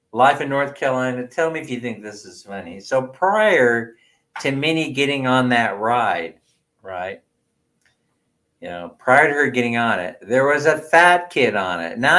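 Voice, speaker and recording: A man's voice: mid-range voice, fairly bright tone. Rambling, teasing American man host. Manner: rambling, teasing storyteller who laughs often. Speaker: livestream host. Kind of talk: casual livestream chat.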